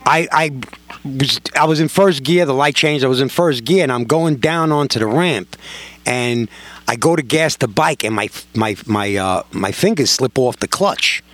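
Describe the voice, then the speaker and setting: A man's voice: medium pitch, normal speed. A middle-aged man, a podcast guest telling casual stories full of swearing and acted-out quotes. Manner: heavy swearing, lively anecdotes with acted-out quotes. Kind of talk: casual storytelling.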